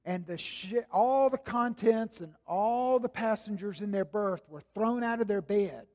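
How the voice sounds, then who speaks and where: A man preaching a sermon with a slow, dramatic delivery that swings between loud passages and hushed ones. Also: high voice. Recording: long hall reverb.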